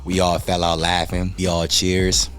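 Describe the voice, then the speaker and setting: A man's voice: sits low, monotone, unhurried, a bit bright, soft background music. A man telling a casual story in slang, animatedly quoting his friends. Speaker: storyteller host.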